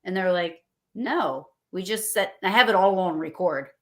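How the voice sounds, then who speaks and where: Woman, lower-pitched, casual livestream guest; excitable, rambling storyteller who acts out quotes. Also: normal speed.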